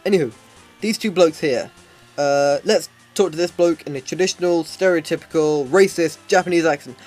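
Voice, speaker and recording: A man rambles through a casual game commentary, joking at his own expense. His voice sits a little high, and faint game music plays behind him. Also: normal speed, darkish tone. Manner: rambling, self-deprecating humor. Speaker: Let's Play commentator.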